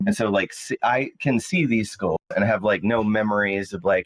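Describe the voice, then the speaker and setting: A man in a casual podcast chat who rambles with halting restarts. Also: fairly low pitch, rough recording.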